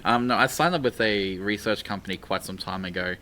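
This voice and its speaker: A man's voice: fairly low pitch, brisk, pushed and bright. A man narrating as dungeon master in a casual, chatty way, with many fillers and frequent laughs. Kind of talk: narrating a tabletop game.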